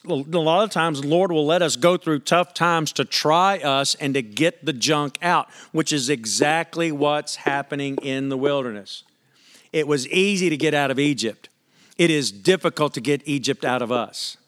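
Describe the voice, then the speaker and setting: Casting: male pastor with a slightly high voice, chatty sermon delivery, rhetorical questions. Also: normal speed, a bit bright. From United States. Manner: conversational, candid preaching with rhetorical questions.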